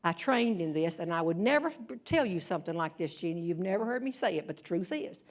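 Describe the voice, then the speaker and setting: A woman voicing her husband, a calm former school principal who lectures her patiently and at an even pace. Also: sits high, quick pace. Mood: lecturing calmly.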